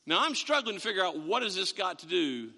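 A man's voice: high voice, very animated, brisk, gravelly, bright, forceful tone, in a large hall. A man preaching a sermon, telling a story and stressing the quoted verses with rising emphasis.

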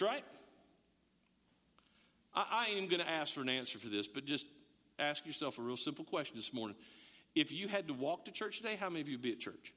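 A middle-aged man preaching a sermon as a pastor, animated, acting out voices and often restarting his words. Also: sits high, a little fast. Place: church sanctuary. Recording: long reverb of a church hall.

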